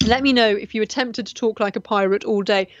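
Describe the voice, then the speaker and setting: A middle-aged woman from the West Country of England hosts a live chat show, earnest and chatty as she answers viewers. Her voice sits at a middle pitch. The sound is dull and dry, with no room around it. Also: fairly quick, no room sound. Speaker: host. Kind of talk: live-stream chat show, reading comments.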